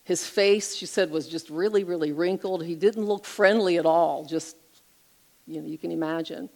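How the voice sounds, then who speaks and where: A middle-aged woman with a slightly low voice narrates an inspirational story on a Christian talk show. Her pitch rises and falls freely as she builds each moment, and she lets her voice drop soft for the gentle parts. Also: moderate pace, gravelly, rough recording. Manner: expressive storyteller, lively pitch swings.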